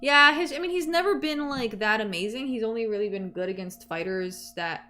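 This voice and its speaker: A woman's voice: fairly high pitch, a little fast, bright, forceful tone. A woman in her twenties from Canada, hosting a livestream and chatting casually with viewers, often trailing off and restarting her sentences. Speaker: livestream host.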